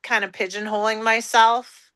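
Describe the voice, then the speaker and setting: Woman, hesitant, hedging, bright clear voice, fairly high. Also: flat delivery, normal speed. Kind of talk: casual chat on a group call.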